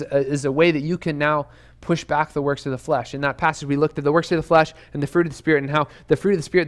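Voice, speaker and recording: A young adult man preaching to students, earnest and urgent, who keeps repeating rhetorical questions. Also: a little high. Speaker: youth pastor. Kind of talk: sermon to students. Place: church youth room.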